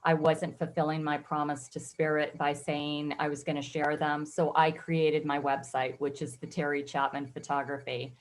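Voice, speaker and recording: A woman's voice: low-pitched, little pitch movement, moderate pace, hardly any pauses, slight background noise. A woman photographer telling her personal story in an interview, reflective and earnest. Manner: reflective, earnest, emotional at times. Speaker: guest photographer.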